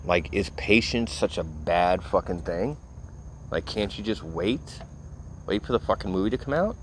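A man's voice: deep voice, expressive, normal speed, slight background noise. A tired man rambling casually to his audience, laid-back and full of profanity. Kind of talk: casual rambling talk to camera.

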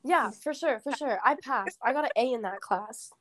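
A woman's voice: fairly high pitch, normal speed. A young adult woman, a podcast guest, chatting casually in a playful, joking way. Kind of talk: casual chat.

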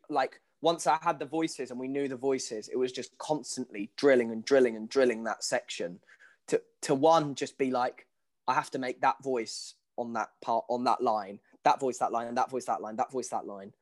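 A man, a stage actor answering audience questions in casual talk, animated and laughing often, speaking in quick bursts with many restarts. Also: mid-range voice.

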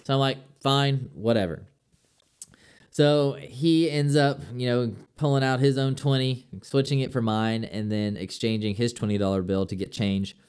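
A man's voice: mid-range voice, fairly even intonation, moderate pace, few pauses, a little mellow, clear, resonant tone. A young man casually telling a personal travel story, chatty and loose, full of "like" and "I'm like".

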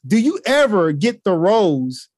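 A man's voice: sits high, big pitch swings, unhurried, a little mellow, no room sound, studio quality. A man hosting a casual chat, slangy and laid-back, often saying bruh and yo.

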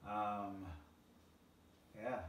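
A man's voice: on the low side, flat delivery, extremely slow, far from the mic, slight background noise. A young man co-hosting a casual podcast who swears freely and laughs easily. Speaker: podcast co-host. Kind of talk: casual chat. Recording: echoey room, voice from off-mic, faint ambience.

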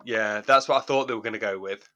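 A man's voice: on the low side, fast talker, pushed and bright. A man, co-hosting a podcast, recapping an episode in rambling, amused casual chat. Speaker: podcast co-host.

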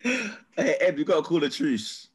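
A man's voice: a little high, big pitch swings, unhurried, husky. A young man, co-hosting a casual podcast with playful banter. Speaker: podcast co-host. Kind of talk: casual chat.

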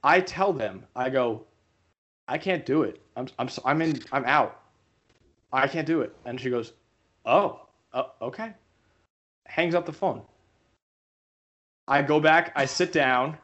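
A man's voice: mid-range voice, measured pace, pauses often, dull audio. A young man co-hosting a podcast, telling a story casually and acting out the voices he quotes. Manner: animated, acts out quoted voices. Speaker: podcast co-host.

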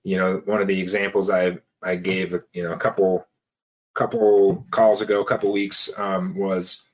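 A health coach giving casual advice, pausing often with fillers and restarting phrases. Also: male voice, low-pitched, level tone. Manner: hesitant, many fillers and restarts.

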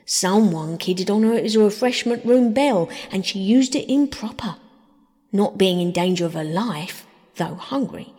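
A woman's voice: medium pitch, animated, moderate pace, dark tone, long reverb tail, lightly acted. A woman voicing a good-natured working man, a railway porter, who talks in a folksy, rustic way in a storybook reading. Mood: gossipy.

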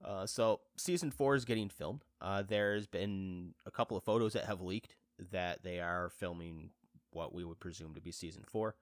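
A man's voice: low voice, moderate pace, no echo, clean studio sound. A man chatting casually to his viewers as a fan, rambling and enthusiastic, with many fillers and restarts. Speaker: vlogger reviewing a TV series. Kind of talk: casual chat to camera.

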